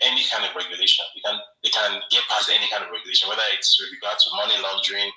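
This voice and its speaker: Low, bright-toned man, echoey and distant. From Nigeria. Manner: thoughtful, hedging, frequent fillers like "right?". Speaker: guest journalist. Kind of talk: conversational explanation. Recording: echoey, distant online call audio.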